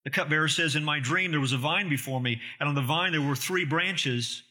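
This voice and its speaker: Emphatic bright-voiced male preacher. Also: a little high, brisk. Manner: earnest, emphatic, rhetorical questions. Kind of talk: expository sermon.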